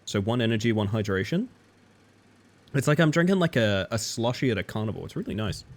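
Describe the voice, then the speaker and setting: Casually chatting while gaming on a live stream, a young man jokes playfully and talks right to chat. His voice is lowish, animated, and fairly quick.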